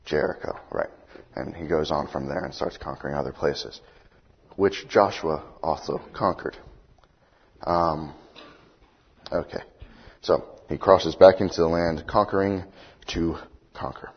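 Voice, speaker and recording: A man's voice: a bass voice, measured pace, pauses often, slightly rough, dull audio. A man teaching a Bible study, conversational and often checking in with his listeners. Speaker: preacher.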